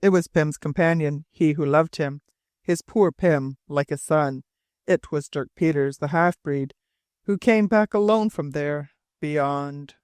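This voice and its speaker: A man reading the part of a rough frontier sailor who speaks in broken, repetitive, emphatic phrases. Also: a little high, unhurried, a little mellow, no room sound, lightly acted. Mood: fervent. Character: rough, halting old frontier sailor, insistent.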